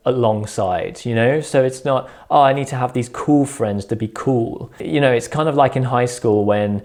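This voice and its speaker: A man's voice: medium pitch, darkish tone. A man with a mid-range voice talks through relationship advice, speaking earnestly and explaining as he goes. He slips into little quoted thoughts to show how people react, then returns to his point. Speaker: self-help channel host. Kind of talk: advice monologue.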